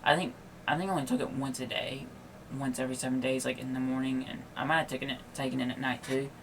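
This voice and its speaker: Speaking fast at a medium pitch with a level tone, a young gravelly-voiced podcast host casually recounts something personal. He's tired, yawns now and then, and wanders through filler words, restarts and half-finished thoughts while faint noise sits in the background.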